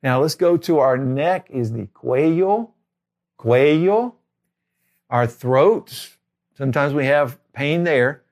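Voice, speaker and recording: A man's voice: medium pitch, expressive, takes it slowly. A middle-aged man giving a spoken vocabulary lesson as a tutor, repeating each word twice for learners. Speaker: language tutor.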